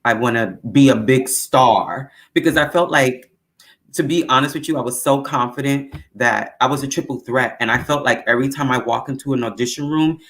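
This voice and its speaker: A woman with a Brooklyn accent telling stories as a guest, animated and full of acted-out quotes. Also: a little fast. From Brooklyn, New York. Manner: animated storyteller, acts out quotes with big pitch swings. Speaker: guest actor. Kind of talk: casual storytelling interview.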